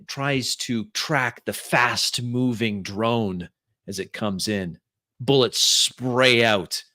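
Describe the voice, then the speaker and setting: Game master, male, slow deliberate narrator, dry close mic. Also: medium pitch, sharp tone, dry recording.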